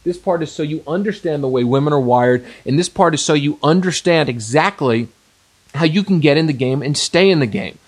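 A man's voice: on the high side, brisk, slightly rough. A middle-aged man giving an emphatic seminar talk as a dating coach, repeating points and addressing the men directly.

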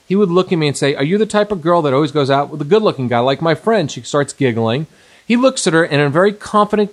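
Emphatic middle-aged male dating coach. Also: on the high side. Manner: emphatic, repetitive, addressing guys directly. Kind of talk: motivational seminar talk.

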